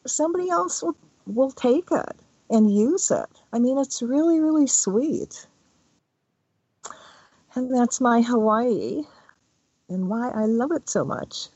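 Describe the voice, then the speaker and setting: A woman's voice: on the high side, animated, takes it slowly, pauses often, a little mellow, slightly rough, no echo. A chatty woman energy healer talks in a loose, rambling way, her voice swinging up and down as she tells her stories. The sound is dull and dry, with no room around it. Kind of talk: casual spiritual talk. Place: Hawaii.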